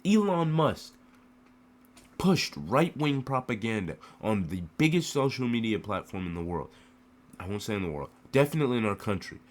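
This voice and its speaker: A man's voice: lowish voice, very animated, normal speed. A man from the United States giving an emotional political rant to the camera, full of rhetorical questions and repeated phrases.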